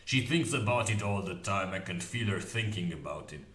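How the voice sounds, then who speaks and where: A man voicing a frightened male servant who speaks hoarsely and urgently in a storybook reading. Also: deep voice, lively intonation, normal speed, fairly bright tone. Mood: uneasy. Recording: echoey room recording.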